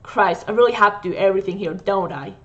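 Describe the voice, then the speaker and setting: A woman's voice: medium pitch, fast talker, lo-fi sound, close to an everyday voice. A woman playing a curt, pompous doctor. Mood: condescending. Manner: curt, condescending, impatient. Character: greedy, pompous male hospital doctor.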